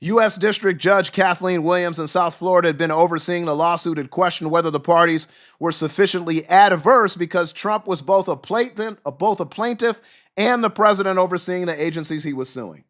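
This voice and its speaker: A man hosting a livestream who reads news aloud and reacts in a loud, fired-up, profane way, losing his voice. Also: high-pitched, brisk. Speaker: livestream host. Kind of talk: livestream commentary and news reading.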